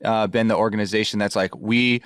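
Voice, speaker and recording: A man on an esports analysis panel, speaking in a measured, reflective way with soft fillers. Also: fairly low pitch, clear, resonant tone, dry recording, studio quality. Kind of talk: casual panel discussion.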